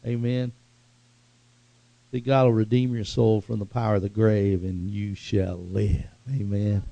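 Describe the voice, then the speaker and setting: A man preaching a sermon with fervent, animated delivery and sudden loud bursts. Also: on the low side, measured pace, gravelly, dry recording, highs cut off.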